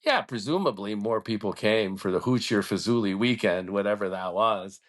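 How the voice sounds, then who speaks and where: A man's voice: lowish voice, normal speed. Podcast host, man, blunt and profane, casual ranting storyteller.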